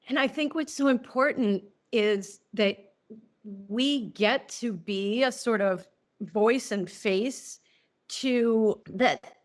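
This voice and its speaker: A middle-aged woman, an interview guest telling a personal story, earnest and emotional, halting and restarting often. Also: mid-range voice. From New Orleans.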